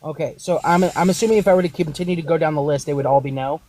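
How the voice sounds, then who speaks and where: A man's voice: on the high side, rapid-fire, dark tone, poor audio. A man hosting a heated online debate, pressing his point with pointed rhetorical questions.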